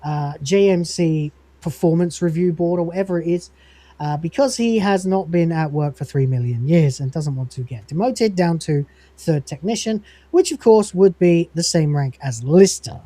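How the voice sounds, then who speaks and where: Sweary rambling livestream host. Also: male voice, fairly high pitch, moderate pace, mellow, dry recording. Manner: sweary, rambling, acts out lines from the script. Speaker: podcast host. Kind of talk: casual livestream recap.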